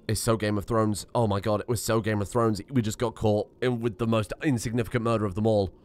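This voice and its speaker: A young man narrating his own strategy gameplay out loud, talking to himself and cursing as he plays. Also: fairly low pitch. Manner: talks to himself while playing, swearing and exasperated. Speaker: let's play streamer. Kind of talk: live gameplay commentary.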